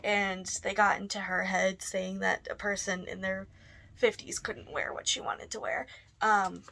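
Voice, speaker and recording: A woman's voice: medium pitch, flat delivery, a little slow, creaky, bright, forceful tone. A woman answering tag questions in a casual, chatty vlog, with lots of fillers and laughs. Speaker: goth vlogger.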